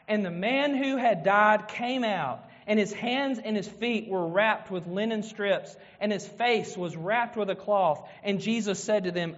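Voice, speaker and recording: A man preaching a sermon, retelling a scripture story and acting out its quotes. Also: high-pitched. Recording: dull sound with long hall reverb.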